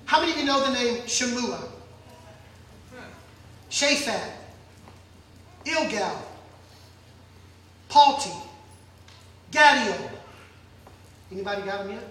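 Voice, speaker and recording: A man's voice: extremely high pitch, animated, takes it slowly, pauses often, a bit bright, very echoey, recorded from a distance, rough recording. A male pastor preaching a sermon in a church, folksy and joking, acting out Bible scenes. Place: church sanctuary.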